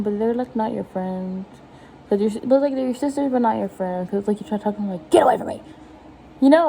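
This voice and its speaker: A woman's voice: medium pitch, creaky, mellow, slight background noise. A young woman vlogging at home in her kitchen, rambling in a casual, jokey chat and poking fun at herself as she cooks. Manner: rambling, jokey, self-mocking. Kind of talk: casual chat while cooking.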